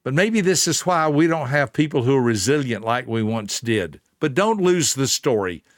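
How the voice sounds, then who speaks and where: Man, mid-pitched, earnest motivational storyteller, dry close sound. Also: lively intonation, moderate pace, dry recording. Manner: earnest, emphatic, speaks directly to listener. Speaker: motivational speaker.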